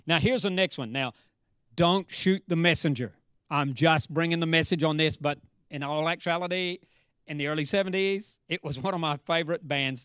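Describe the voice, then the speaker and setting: A man's voice: on the high side, a bit bright, no room sound, studio quality. A man preaching a sermon in a playful, teasing way, reciting song lyrics before turning serious. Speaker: pastor.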